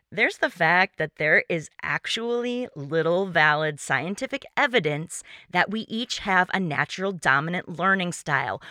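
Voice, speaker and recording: A woman with a bright, forceful tone and a slightly low voice hosts a solo podcast. She explains her points in a clear, measured way into a close mic with a dry sound. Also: no room sound. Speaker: podcast host. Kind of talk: solo podcast talk on music teaching.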